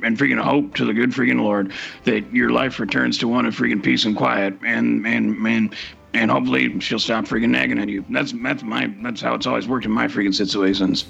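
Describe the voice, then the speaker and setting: A man's voice: lowish voice, vocal fry, fairly bright tone, slightly rough. A man co-hosting a comedy podcast, stammering through repeated "and"s while giving advice. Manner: stammers, repeats "and", swears mildly. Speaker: podcast co-host. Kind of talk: comic advice in character. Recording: dull lo-fi remote line.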